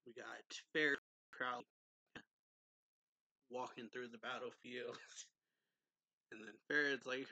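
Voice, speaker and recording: A man's voice: medium pitch, steady tone, takes it slowly, long pauses, sharp tone, no echo, lo-fi sound. A young man and regular show host giving a casual, rambling manga chapter recap, filling his sentences with "like.". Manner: rambling, heavy use of "like". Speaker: manga reviewer.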